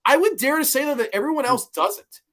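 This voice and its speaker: High, bright-voiced man chatting excitedly. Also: brisk. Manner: animated, swears freely, laughs while telling scenes. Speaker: podcast host. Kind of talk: casual horror movie review chat.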